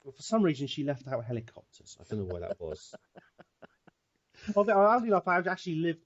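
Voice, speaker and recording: A man co-hosting a radio show, chatting casually with quick wry asides. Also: fairly high pitch, huge pitch swings. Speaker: co-host. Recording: dull lo-fi line.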